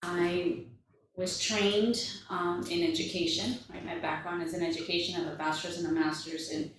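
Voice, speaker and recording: A woman's voice: lowish voice, fairly even intonation, normal speed, recorded from a distance, a little hiss or hum. Woman speaking in an echoey hall. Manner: candid, conversational, emotional at moments. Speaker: parenting coach. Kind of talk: talk to a live audience. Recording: echoey room, mic from afar.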